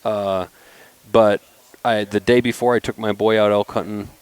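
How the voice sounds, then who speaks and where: Lower-pitched man telling stories casually. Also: moderate pace, clear, resonant tone, dry recording. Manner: animated, acts out quoted voices when telling stories. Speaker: knife company founder, podcast guest. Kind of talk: casual storytelling chat.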